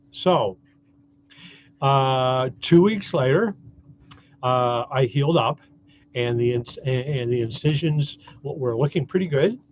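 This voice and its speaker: A man's voice: medium pitch, muffled recording, a little hiss or hum. A Canadian man giving a cheerful, rambling vlog update, full of fillers and restarts. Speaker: vlogger.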